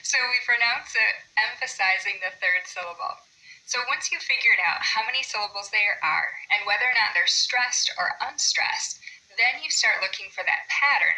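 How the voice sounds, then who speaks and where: A woman teaching a class about meter in poetry. She explains patiently and says the example names slowly, stressing their syllables. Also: mid-range voice, sharp tone, low-quality recording.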